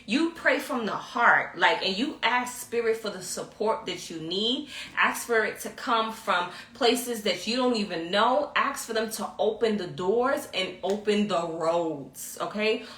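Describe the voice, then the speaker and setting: A woman's voice: mid-range voice, lively intonation, measured pace, hardly any pauses, fairly bright tone. A woman teaching a spiritual ritual to viewers, emphatic and repetitive, often checking in with "okay?". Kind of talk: instructional talk to viewers. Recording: echoey room, mic at a distance.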